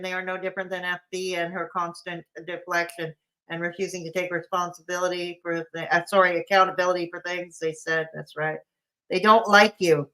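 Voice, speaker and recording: A woman's voice: mid-range voice, pushed and bright, poor audio. A woman hosting a reaction commentary, talking in a sarcastic, scolding way.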